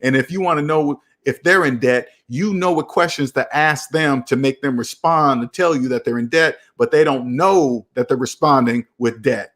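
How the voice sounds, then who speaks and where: A young man hosting a casual live chat about personal finance, talking in an animated, preachy and repetitive way. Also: mid-range voice, moderate pace, hardly any pauses. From United States. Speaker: finance channel host.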